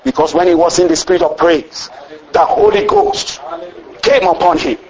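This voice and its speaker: A man preaching a storytelling sermon, animated, breaking into exclamations and chuckles as he retells the story. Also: on the high side, moderate pace, rough recording.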